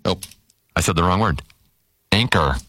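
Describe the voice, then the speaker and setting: A man hosting a word game show, briskly announcing scores and clues. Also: low voice, expressive, bright, forceful tone, no room sound.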